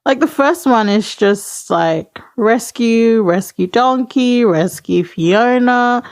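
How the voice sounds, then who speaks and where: A woman's voice: fairly high pitch, slow, dry recording. A woman co-hosting a podcast in casual chat, rambling and hesitant with many fillers. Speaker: podcast co-host.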